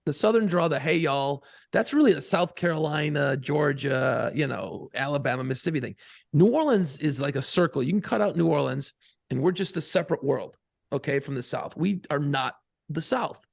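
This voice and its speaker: A man's voice: a little high, lively intonation, brisk, creaky, no room sound, clean studio sound. A man from Buffalo, New York, co-hosting a podcast in casual, profane, rambling banter. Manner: profane, rambling, laughs often. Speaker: podcast co-host.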